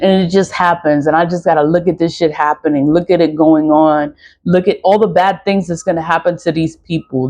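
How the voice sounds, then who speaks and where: A woman's voice: low voice, dark tone. A woman talking casually to her viewers in a rambling, profane monologue, laughing often as she talks. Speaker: spiritual vlogger selling cleansing products.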